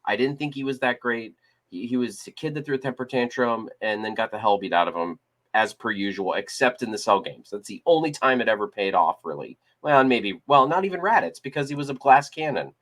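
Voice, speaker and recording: A man's voice: medium pitch, expressive, a little fast, a bit bright. A man co-hosting a casual discussion podcast, talking in a rambling way with many restarts and fillers. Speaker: podcast co-host. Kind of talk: casual chat.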